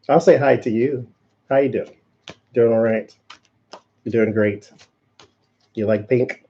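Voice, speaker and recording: A man's voice: medium pitch, level tone, unhurried, pauses often, darkish tone, dull audio. A man hosting a casual live-stream tarot reading, chatting with viewers and laughing often. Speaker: tarot reader and channel host.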